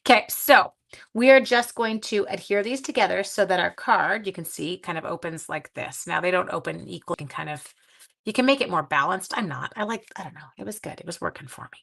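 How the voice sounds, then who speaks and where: Hosting a live card-making session, a woman chats easily with her audience, saying hello and answering comments as she crafts and often talking half to herself. Her voice is fairly low, a little fast, creaky, and fairly bright.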